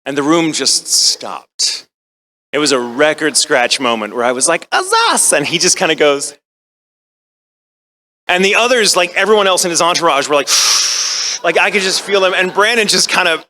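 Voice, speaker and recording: A man's voice: fairly high pitch, moderate pace. An American man telling a comic story at a convention panel, acting out the voices of the people in it. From United States. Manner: animated, comic, acts out voices. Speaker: convention guest actor.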